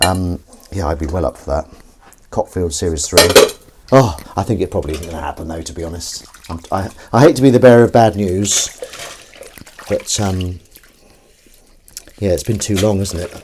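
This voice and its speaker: A man's voice: deep voice, normal speed, long pauses, background noise. A man chatting casually as he washes up in his kitchen, rambling and reading out viewer comments. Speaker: streamer. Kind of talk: casual chat while washing up. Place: kitchen at the sink. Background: clattering dishes and cutlery.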